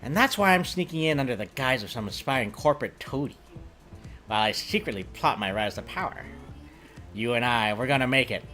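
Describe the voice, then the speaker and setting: Casting: confident woman supervillain thief, breezy and conspiratorial, very lively delivery, read by a man. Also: a little high, normal speed, faint music behind. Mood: gleeful.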